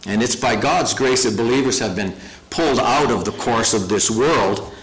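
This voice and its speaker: A man's voice: medium pitch, background noise. Man preaching an earnest sermon. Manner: earnest, emphatic preaching with slowed, stressed key phrases. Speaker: pastor.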